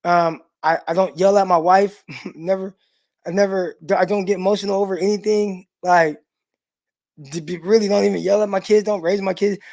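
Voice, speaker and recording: A relaxed middle-aged man hosts a sports livestream in an easygoing, conversational way. He speaks directly to his viewers, reads out their comments, and fills his talk with casual "like"s. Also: high voice, moderate pace. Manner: laid-back, loose and chatty, with lots of "like" fillers; talks straight to the live chat and reads out viewer comments. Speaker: sports show host.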